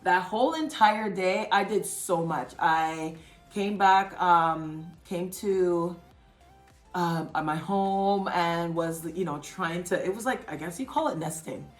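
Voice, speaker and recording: Woman vlogger, casual animated storyteller, slightly low voice, faint music under. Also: slow pace. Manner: chatty, animated, acts out others' lines in a high excited voice. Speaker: vlogger telling her birth story. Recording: echoey room with faint music.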